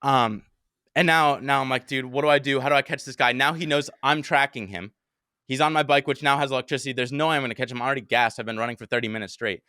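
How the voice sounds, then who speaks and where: A young man hosting a podcast, telling a wild story in casual chat, swearing a lot and acting out his own panicked shouts. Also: mid-range voice, fast talker, clean tone, dry recording, clean studio sound. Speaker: podcast host.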